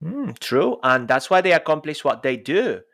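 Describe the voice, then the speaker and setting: A man co-hosting a podcast in casual chat, lively and jokey, his voice jumping up and down. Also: a little high, normal speed, vocal fry. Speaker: podcast co-host.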